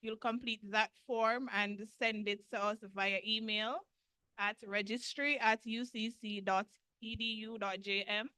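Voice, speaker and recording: A woman representing a university, answering callers' questions in a steady, informative way with frequent pauses. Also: on the high side, clear, resonant tone, dry recording.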